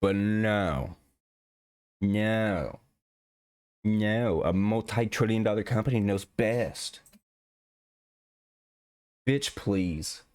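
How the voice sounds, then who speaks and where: A man's voice: lowish voice, drawn-out words, pauses often, a little mellow, no echo, studio quality. A man giving a profane, exasperated rant as a gaming commentator. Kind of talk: ranting video commentary.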